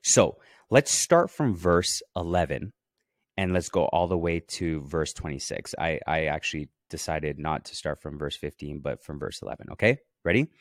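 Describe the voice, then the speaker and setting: Deep-voiced man teaching scripture. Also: lively intonation, moderate pace, dry recording, clean studio sound. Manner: emphatic, stops to stress key words and urges listeners to pay attention. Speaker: podcast host and Bible teacher. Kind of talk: Bible teaching podcast, reading scripture aloud.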